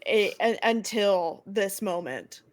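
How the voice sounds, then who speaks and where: A woman's voice: mid-range voice, animated, slow pace, very noisy. A woman at a tabletop game, talking through her character's actions in a rambling, playful stream with lots of fillers. Her voice sits in a middle range. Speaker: tabletop player. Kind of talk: casual role-play chat.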